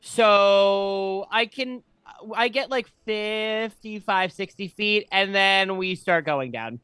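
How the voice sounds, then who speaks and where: A tabletop player thinks aloud hesitantly about what to do next, in a bright, tense tone. The voice is recorded close and dry. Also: medium pitch, slow, clean tone, no echo. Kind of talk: casual tabletop play.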